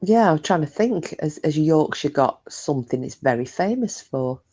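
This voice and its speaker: A woman's voice: sits low, lively intonation, normal speed, dark tone, husky, dull audio. A woman chatting casually with her live stream viewers, talkative and self-mocking, swearing freely.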